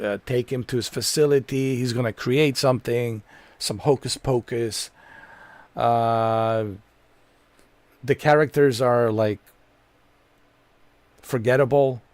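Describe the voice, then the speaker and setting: A gamer streamer, speaking in a slightly mellow mid-range voice with no room sound, delivers an exasperated, profanity-laced commentary rant, voicing his complaints over and over.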